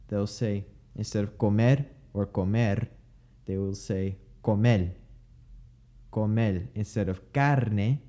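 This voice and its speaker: A young man talks through speech sounds in a relaxed, unscripted way. He breaks off into "um" and "like" and says example words aloud. His voice sits low and mellow. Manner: explanatory, frequent fillers, demonstrates pronunciations. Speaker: podcast host explaining linguistics. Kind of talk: casual educational monologue.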